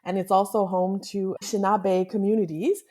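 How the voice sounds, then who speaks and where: A woman's voice: medium pitch, steady tone, brisk, dark tone. A woman from Quebec, a travel blogger guest, explaining in a friendly, teasing way. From Quebec, Canada. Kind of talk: podcast interview.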